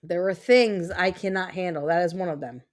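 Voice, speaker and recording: A woman's voice: on the low side, moderate pace. A woman hosting a gaming livestream, chatting casually and rambling to herself as she plays. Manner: chatty, self-talking, rambling. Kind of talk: casual chat while playing.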